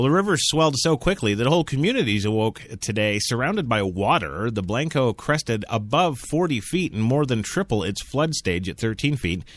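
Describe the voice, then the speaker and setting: A man's voice: mid-range voice, no echo. An American man hosting a radio news talk show, reading stories with sarcastic jokes and frequent laughter. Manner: sarcastic, laughs often between lines. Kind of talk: irreverent news reading with joking asides.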